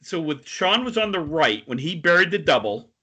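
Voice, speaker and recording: A man's voice: a little high, big pitch swings, normal speed, sharp tone, slightly rough. A man co-hosting a podcast, chatting casually, rambling through questions and laughing easily. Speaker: podcast co-host. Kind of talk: casual interview chat.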